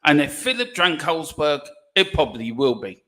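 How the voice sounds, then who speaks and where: A man co-hosting a casual sports livestream, jokey and energetic, with a sore throat. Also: fairly high pitch, moderate pace. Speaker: livestream co-host.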